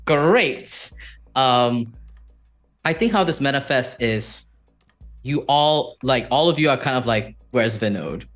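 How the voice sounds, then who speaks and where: A man narrating a tabletop game as game master, unhurried and thinking aloud with frequent fillers. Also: medium pitch, fairly bright tone, faint music behind.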